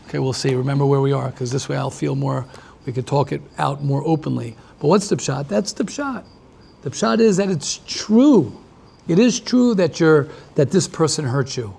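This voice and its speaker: Animated rabbi teaching a class. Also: male voice, fairly high pitch, creaky. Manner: animated, repeats phrases, restarts often. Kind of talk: lively Torah class with audience questions.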